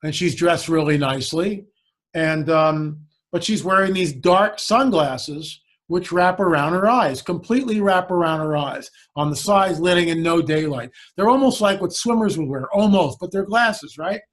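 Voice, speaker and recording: A man with a high speaking voice tells a story as a guest in a conversation. He tells it in an animated way and acts out the quoted lines of the people in it. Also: moderate pace.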